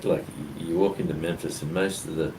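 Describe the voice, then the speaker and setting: A fairly quick, low-pitched Australian man with fairly even intonation co-hosts a casual chat. His storytelling rambles, heavy with fillers. Clear background noise comes through on the distant mic.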